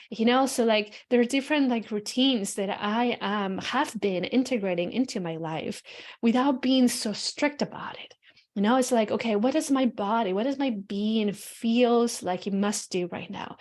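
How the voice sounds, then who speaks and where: A woman hosting a podcast, talking in a loose, casual, reflective monologue full of "you know" and "like", frank enough to drop the odd swear word. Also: mid-range voice. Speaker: podcast host.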